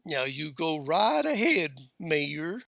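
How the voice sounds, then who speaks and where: A man voicing a tough frontier woman gunslinger with quiet authority, speaking in a dry western drawl. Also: on the high side, big pitch swings, slow pace, vocal fry, dry recording, heavily acted.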